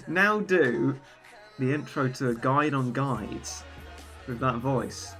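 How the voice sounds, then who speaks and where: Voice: mid-range voice, expressive, slow, a bit bright, soft background music. A streamer chatting casually and rambling while playing a game and reading chat aloud.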